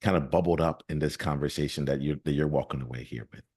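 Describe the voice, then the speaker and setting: A man's voice: very deep voice, fast talker, darkish tone, slightly rough. A man hosting a podcast interview in an earnest, casual way, often repeating his first words and talking straight to his listeners. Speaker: podcast host.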